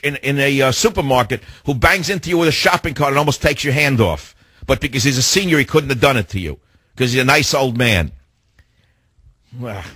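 An older male radio host delivers an impassioned, scornful rant in a husky voice. His voice sounds dry and close, as it would on a studio mic. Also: on the low side, fairly bright tone, no room sound. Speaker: radio talk show host. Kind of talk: talk radio monologue.

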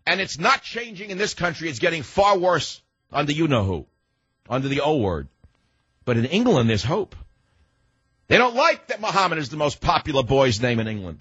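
A man's voice: fairly high pitch, very animated, normal speed, a bit bright, breathy edge, no room sound, lo-fi sound. A male talk radio host delivering a heated, sarcastic monologue.

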